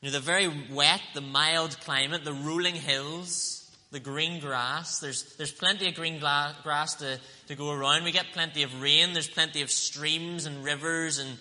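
Earnest preacher in a hall. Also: male voice, a little high, steady tone, bright, forceful tone. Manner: earnest, emphatic, slows down on scripture quotes. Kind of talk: sermon.

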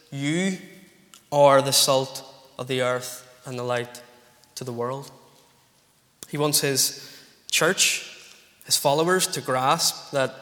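A man's voice: medium pitch, a bit bright, in a large hall. A Northern Irish man preaching an earnest, emphatic expository sermon to his church congregation. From Northern Ireland. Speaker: pastor.

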